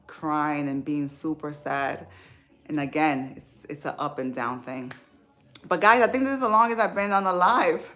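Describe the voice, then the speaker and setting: Woman, casual live stream, informal, emotional, chatty, lowish pitch. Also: fairly bright tone. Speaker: livestream host. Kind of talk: casual live chat with viewers.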